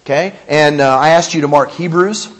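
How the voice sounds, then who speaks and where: A man's voice: on the high side, moderate pace. A man preaching a sermon as pastor, speaking emphatically with repeated phrases and questions to his congregation.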